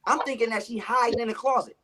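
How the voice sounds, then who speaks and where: A man's voice: very high voice, fairly even intonation, quick pace, pushed and bright. A man telling a rambling, repetitive personal story in a played clip. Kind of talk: casual storytelling in a video clip.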